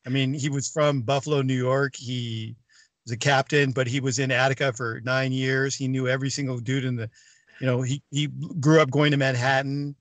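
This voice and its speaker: A middle-aged man telling stories as a podcast guest, animated and blunt, acting out dialogue and swearing freely. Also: medium pitch, moderate pace, no room sound. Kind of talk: casual storytelling.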